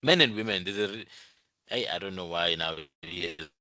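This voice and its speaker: A man's voice: low-pitched, normal speed, bright, forceful tone, no echo. A man who explains things step by step in an informal talk, repeating his points and using many fillers. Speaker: channel host.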